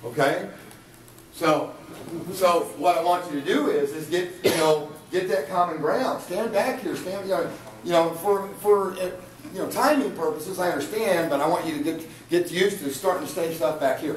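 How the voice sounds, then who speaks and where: A man with a high-pitched voice leads a live sales training session for an audience, speaking at a moderate pace in a chatty, coaching style and often repeating his words. He's recorded from a distance in an echoey training room, with slight background noise.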